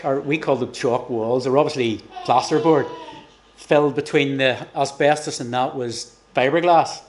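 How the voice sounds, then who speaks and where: A man's voice: medium pitch, a little hiss or hum. Chatty man in his sixties. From Northern Ireland. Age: 60s. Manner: jokey, chatty storyteller. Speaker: interview guest. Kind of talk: conversational testimony interview. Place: gospel hall.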